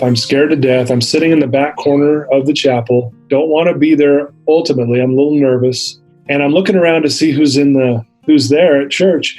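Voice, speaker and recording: Middle-aged guy with a husky voice, earnest and candid, telling his story on a podcast, soft music behind. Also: mid-range voice, poor audio. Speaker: interview guest.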